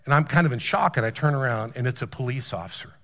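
A man's voice: medium pitch, quick pace, a bit bright. A male pastor giving a conversational, story-driven sermon.

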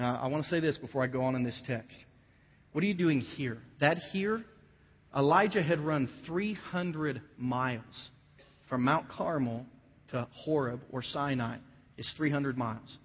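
A man's voice: on the high side, breathy edge. A man preaching a sermon, reading scripture aloud, acting out the voices of the figures he quotes, and then explaining the passage to his listeners. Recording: dull lo-fi audio with long hall reverb.

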